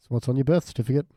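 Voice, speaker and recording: A man's voice: medium pitch, warm tone, no echo, clean studio sound. A man guesting on a podcast, chatting casually and riffing on jokes with frequent giggles. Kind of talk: casual comedic chat.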